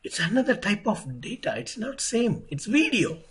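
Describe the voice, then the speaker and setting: A man teaching networking in an online lecture. He speaks deliberately, repeats key phrases and asks rhetorical questions. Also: high-pitched, big pitch swings, a bit bright, breathy edge, poor audio. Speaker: networking instructor.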